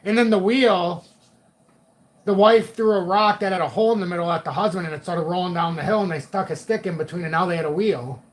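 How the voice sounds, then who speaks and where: A man's voice: high-pitched, brisk. A middle-aged man hosting a live chat stream, joking, laughing often and swearing casually. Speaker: livestream host.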